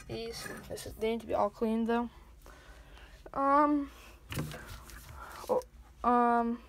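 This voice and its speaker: A woman's voice: on the high side, vocal fry, a little hiss or hum. A woman giving a casual tour of her scale model workbench, rambling and hesitant with many fillers, recorded at home.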